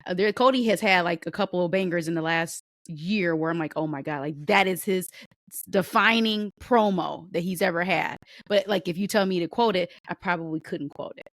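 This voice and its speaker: A woman co-hosting a podcast, chatting casually with quick, easygoing agreement. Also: fairly low pitch, dry recording, clean studio sound. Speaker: podcast co-host. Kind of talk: casual chat.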